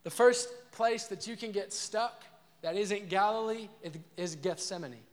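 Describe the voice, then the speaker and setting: A man's voice: high-pitched, unhurried, in a large hall. A man preaching a sermon as pastor, earnest and repetitive, asking the crowd questions.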